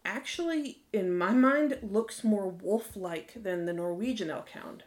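A woman's voice: medium pitch, animated, a little slow. An American woman co-hosting a podcast, explaining things knowledgeably in casual chat with a few restarts. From United States. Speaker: podcast co-host.

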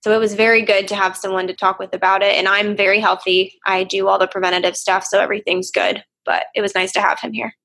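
Earnest young woman with a gravelly, husky voice. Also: medium pitch, flat delivery, fast, hardly any pauses, a bit bright. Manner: earnest, reflective, sometimes emotional. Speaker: therapist guest. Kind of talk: candid interview conversation.

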